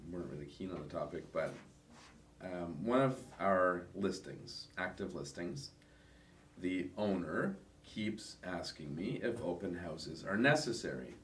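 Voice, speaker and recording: A man's voice: low-pitched, slight background noise. A man co-hosting a casual real estate podcast, explaining at length in a conversational way. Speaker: real estate agent co-host. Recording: echoey room, mic far off.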